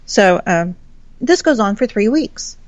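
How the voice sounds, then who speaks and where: A woman's voice: mid-range voice, lively intonation, a little slow, dry recording. A woman guest telling a personal story in a frank, chatty way, swearing casually. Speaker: podcast guest.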